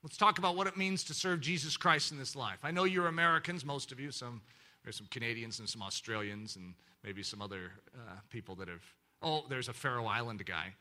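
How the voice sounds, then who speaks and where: A male pastor preaching a sermon in an animated way, swinging between loud emphasis and hushed, intimate moments. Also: mid-range voice, a little fast.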